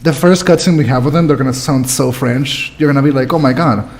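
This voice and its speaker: A man's voice: mid-range voice, quick pace. Playful guy streaming a game and talking to chat, upbeat and jokey. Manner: playful, energetic, talks to chat. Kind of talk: game let's play with chat.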